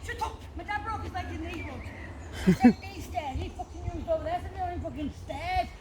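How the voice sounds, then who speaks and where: A woman's voice: extremely high pitch, animated, fairly quick, a crowd in the background, rough recording. A woman chatting outdoors on a walk, swearing freely as she tells a story. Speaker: walking companion. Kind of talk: casual chat.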